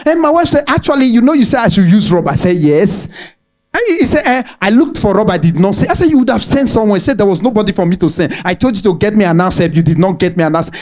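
Fast and high-voiced, this Nigerian comedian works through a family story on stage, speaking with a Nigerian accent. He acts out each character's voice with lots of animation, sprinkling in pidgin as he goes.

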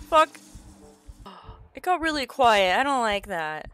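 Excitable woman gamer, bright and lively. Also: high-pitched, a little slow, vocal fry, pauses often, soft background music. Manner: excitable, swearing, shrieking and laughing. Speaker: gaming video creator. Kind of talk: let's play commentary.

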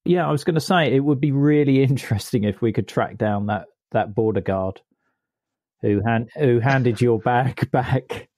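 A man hosting a history podcast interview, speaking in an appreciative, slightly halting way. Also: medium pitch, a little mellow, dry recording, studio quality. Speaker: podcast host.

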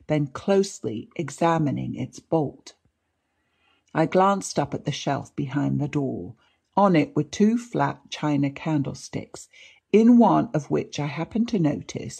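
Woman narrating audiobook, deep, gravelly, dark tone, deliberate.

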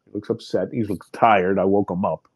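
Male guest in his fifties, husky mellow voice, dry close sound, animated storyteller. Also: low-pitched, brisk, no echo. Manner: vivid, animated retelling with many restarts. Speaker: podcast guest. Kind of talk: personal storytelling in an interview.

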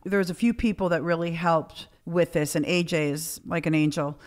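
A woman's voice: fairly low pitch, moderate pace. A middle-aged woman hosting a podcast, telling a story in a casual, profane way and acting out the dialogue. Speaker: podcast host.

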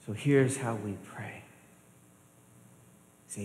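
A man's voice: mid-range voice, steady tone, moderate pace. Man preaching in an echoing church hall. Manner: emphatic, building repetition; addresses the congregation directly. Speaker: pastor. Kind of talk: sermon. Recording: reverberant hall with faint noise.

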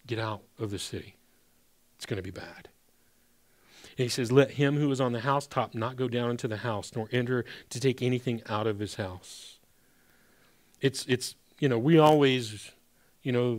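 A man preaching a sermon in a loose, conversational way, speaking at an ordinary middle pitch. He talks to the congregation like friends, pushing some words hard and letting others fall almost to a whisper. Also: steady tone, normal speed. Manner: conversational preaching with sudden emphatic rises and hushed drops; addresses congregation as brothers and sisters. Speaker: pastor.

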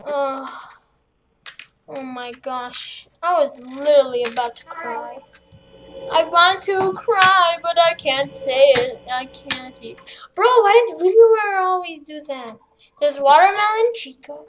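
A woman's voice: sits high, measured pace, a crowd in the background, rough recording. A woman commenting on her own horror game playthrough, jumpy and rambling, cracking silly jokes and yelping now and then. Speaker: gamer playing a horror game. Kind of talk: let's play commentary.

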